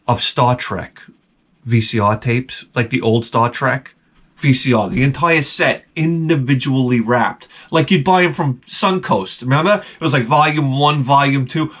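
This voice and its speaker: A man's voice: mid-range voice, a bit bright. A middle-aged man vlogging, telling rambling, crude and profane stories that keep interrupting themselves. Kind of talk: casual rambling storytelling.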